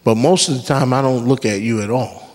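Speaking a little fast in a mid-range, slightly mellow voice, a man preaches as worship leader in a church sanctuary. His sermon is emphatic, with call-and-response and casual jokes, and the church hall gives it long reverb.

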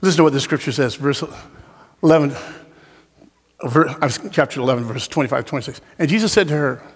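A man preaching a sermon, telling stories and building to impassioned shouts. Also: mid-range voice, a little fast, slightly rough. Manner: storytelling, rising to impassioned shouts. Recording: long hall reverb.

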